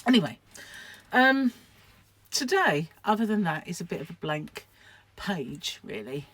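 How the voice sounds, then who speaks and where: A woman's voice: lowish voice, sing-song, a little slow, fairly bright tone, no room sound. An older woman from England chatting to camera in a rambling, self-deprecating way, laughing often. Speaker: vlogger, craft shop owner. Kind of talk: casual chat to camera.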